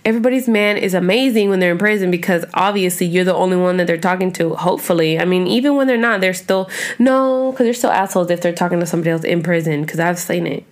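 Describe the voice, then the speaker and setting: A woman's voice: fairly low pitch, quick pace, hardly any pauses. Chatty young woman hosting a podcast. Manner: rambling, chatty, cusses a lot. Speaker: podcast host. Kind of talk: casual chat.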